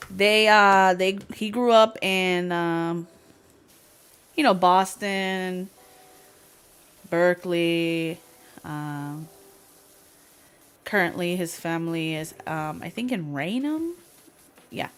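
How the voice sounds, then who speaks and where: A woman livestreamer chatting casually with her viewers, talkative, slangy and quick to laugh. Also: lowish voice, fairly bright tone.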